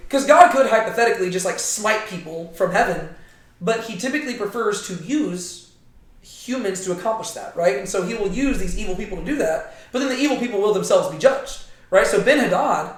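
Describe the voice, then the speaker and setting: A man with a high voice leads a casual Bible study, thinking out loud and tagging his points with "right?". His voice rings around a very echoey room. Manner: thinks aloud, constantly checking in with "right?". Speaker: Bible teacher.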